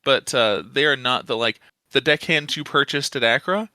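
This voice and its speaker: A man's voice: mid-range voice, moderate pace, sharp tone, no echo. A man running a tabletop game as game master, describing scenes casually with lots of fillers.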